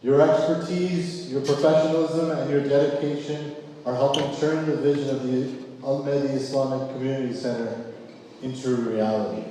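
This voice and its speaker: A man's voice: mid-range voice, warm tone, a little hiss or hum. A man co-hosting a gala, upbeat and rallying the audience. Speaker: gala co-emcee. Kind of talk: event hosting. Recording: echoey banquet hall, distant mic.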